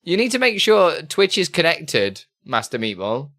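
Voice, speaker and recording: A man hosting a casual live stream, talking loosely and laughing between chat questions. His voice is bright and forward. His pitch swings widely as he talks. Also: big pitch swings, normal speed. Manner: chatty and loose, reads chat aloud, laughs often.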